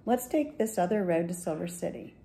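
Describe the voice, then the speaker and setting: A woman reading as a steady, protective older brother. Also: fairly low pitch, a little fast, gravelly. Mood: reassuring. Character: calm, protective oldest brother, boy.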